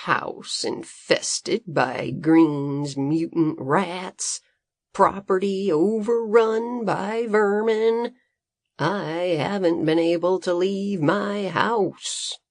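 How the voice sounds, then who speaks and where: A wiry, self-assured farmer, read by a woman narrator in a lower, unhurried voice. He speaks calmly and confidently, with a dry, close sound. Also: no room sound, exaggerated voice. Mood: steady.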